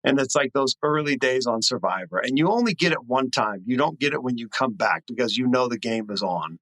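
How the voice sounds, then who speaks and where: Male podcast guest, middle-aged, bright forward tone, dry sound, earnest and reflective. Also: medium pitch, expressive, a little fast, no room sound, low-quality recording. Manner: earnest, reflective, lots of "you know". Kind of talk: casual chat.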